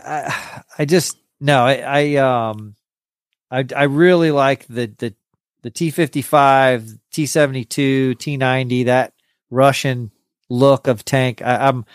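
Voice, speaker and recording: A man hosting a hobby podcast in casual chat, halting and restarting his sentences often. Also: medium pitch, no room sound, studio quality. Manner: halting, with many stammered restarts. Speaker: podcast host.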